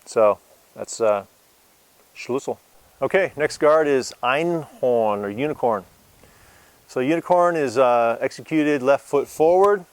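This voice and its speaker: A man casually explaining sword guards as an instructor, relaxed and hesitant with many fillers. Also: mid-range voice, slow pace, long pauses, clean tone, no room sound. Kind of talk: casual demonstration lesson.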